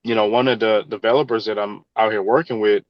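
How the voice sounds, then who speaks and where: A man with a fairly low voice gives earnest, conversational advice as an interview guest. The sound is dry and a little muffled, with little room echo. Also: fairly even intonation, quick pace. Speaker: engineer and real estate professional, interview guest. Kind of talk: casual interview answers.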